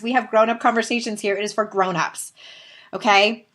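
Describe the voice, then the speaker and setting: A woman in her thirties with a Southern California accent, hosting a podcast and telling a story in a chatty, animated way with laughing asides. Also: mid-range voice, fairly quick. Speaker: podcast host. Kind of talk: casual storytelling monologue.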